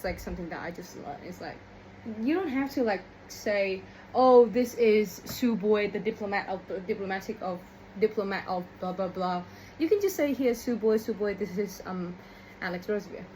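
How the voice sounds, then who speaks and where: A young woman vlogging in a casual, chatty way, excitable and full of fillers and restarts as she tells a story. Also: medium pitch, a little hiss or hum, rough recording. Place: indoors at home while cleaning shoes.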